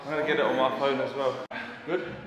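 A man's voice: mid-range voice, little pitch movement, quick pace, music in the background. Man in an echoey gym. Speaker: gym training partner. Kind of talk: casual chat at the gym. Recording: echoey gym hall with loud background.

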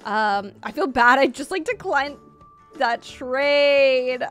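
Young woman streaming a game, high voice, nervous giggly rambling, faint music behind. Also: takes it slowly, fairly bright tone. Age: 20s. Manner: chatty, flustered, laughs nervously. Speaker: Roblox streamer. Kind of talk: live gameplay stream chat.

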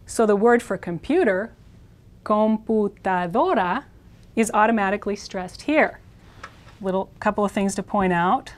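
A woman gives a recorded language lesson in a voice of middling pitch. She lays out the rules step by step and drills each example word slowly and clearly. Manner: slow, careful pronunciation drills. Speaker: Spanish teacher.

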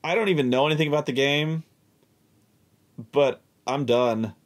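A man telling a casual, profane story about a tabletop game, animated and exasperated, often repeating himself. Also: on the high side, normal speed.

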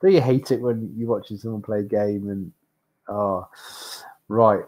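A man's voice: fairly low pitch, fairly even intonation, a little slow, a little mellow. A man streaming a retro game, narrating his play with flustered, self-mocking exclamations. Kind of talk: live gameplay commentary.

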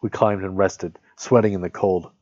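A man reading a nonfiction essay aloud in a steady, measured way, now and then correcting a slip. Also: low-pitched, no echo. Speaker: reader of literature. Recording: dull lo-fi, dry close sound.

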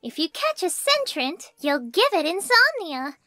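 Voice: very high voice, big pitch swings, unhurried, a crowd in the background, full character voice. A performer voicing Sylveon, a snarky fairy creature who mocks everything in a parody narration. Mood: mocking. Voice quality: sassy, mocking. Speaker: narrator of a fan-made parody video. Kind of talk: sarcastic comedic narration.

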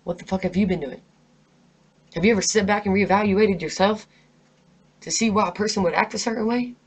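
A woman rants to her camera in a heated, emphatic voice, swearing constantly as she vents her stress. Her pitch sits in a middle range, neither high nor low, and she leans hard on her words. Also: fairly quick, husky. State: angry, stressed. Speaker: vlogger. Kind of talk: unscripted rant to camera.

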